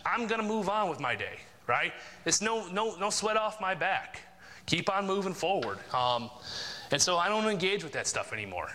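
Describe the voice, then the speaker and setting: A man's voice: sing-song, normal speed, bright, forceful tone, big-room sound. A man preaching a casual, conversational sermon, often ending lines with "right?" and "you know?". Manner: mimics mockers and coworkers in a higher voice.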